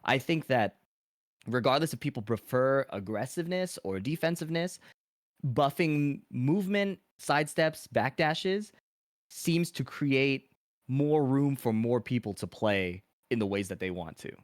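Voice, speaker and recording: A man giving his opinion as a podcast guest in a thoughtful, measured way, often restarting phrases. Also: mid-range voice, animated, dry recording, studio quality. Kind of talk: casual analytical podcast talk.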